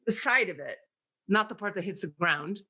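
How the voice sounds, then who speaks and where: A woman's voice: medium pitch, lively intonation, moderate pace, pushed and bright, husky. A woman co-hosting a podcast, telling a story in casual chat and acting out the voices she quotes. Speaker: podcast co-host.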